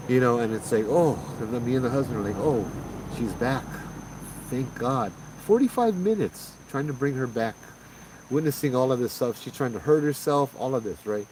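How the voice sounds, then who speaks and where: A man with a Hawaiian accent casually retelling a paranormal experience in a conversational, animated way, acting out the quoted voices. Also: mid-range voice, moderate pace. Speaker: paranormal storyteller. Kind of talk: casual spoken ghost story. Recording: distant mic with faint background noise.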